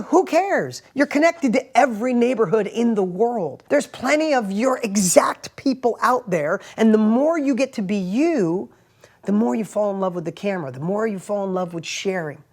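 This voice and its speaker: A man giving a casual motivational talk to camera, telling stories in plain everyday words, often tagging lines with "right?" and swinging between emphatic bursts and hushed asides. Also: high voice, lively intonation, moderate pace. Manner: plain everyday wording, frequent "right?" tags. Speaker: motivational speaker and entrepreneur host.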